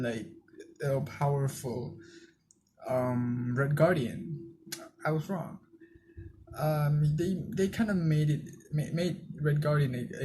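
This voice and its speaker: A man's voice: fairly high pitch, a little hiss or hum. Rambling young man reviewing a film. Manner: loose and rambling, many fillers and restarts. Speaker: movie reviewer. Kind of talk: casual spoken film review.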